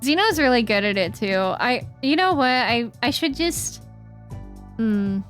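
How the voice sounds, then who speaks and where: A young woman chats with her stream viewers earnestly, now and then breaking into playful, silly noises. Her voice is a little high and a bit bright, animated, at a measured pace. Faint music plays behind her.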